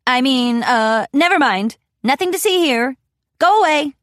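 A woman's voice: high-pitched, animated, measured pace, a bit bright, dry recording, studio quality. A woman voicing a greedy, sly rich stallion who brushes others off dismissively.

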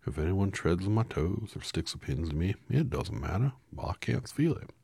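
A man voicing a friendly, naive talking scarecrow with a husky voice in a read-aloud storybook. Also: sits low, big pitch swings, normal speed, darkish tone, dry recording, voice pushed up, full character voice. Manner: cheerful, polite, naive. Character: friendly talking male scarecrow, simple and polite.

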